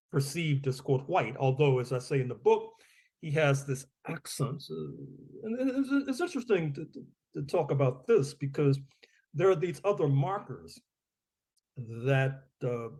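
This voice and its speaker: A man's voice: mid-range voice, darkish tone. A man talking as a guest author in an interview, rambling and discursive, chuckling between phrases and restarting with repeated words.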